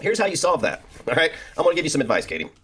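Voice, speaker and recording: A man's voice: a little high, wildly swooping pitch, racing, a bit bright, a little hiss or hum. A man commentator lecturing bluntly and preachily, giving advice to a streamer.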